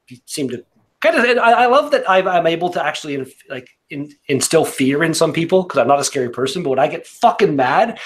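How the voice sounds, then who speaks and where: A man with a Canadian accent telling a relaxed, rambling, profane story among friends. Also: fairly high pitch. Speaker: beer review podcast regular.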